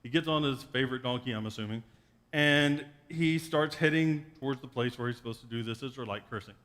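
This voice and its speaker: A man's voice: medium pitch, brisk, fairly bright tone, long reverb tail. A man preaching a sermon as pastor, retelling a story in a wry, joking way. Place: church sanctuary.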